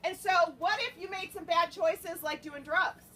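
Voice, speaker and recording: A woman's voice: extremely high pitch, moderate pace, far from the mic, heavy background noise. A woman speaking earnestly to students, putting questions to the audience. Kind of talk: talk to young people.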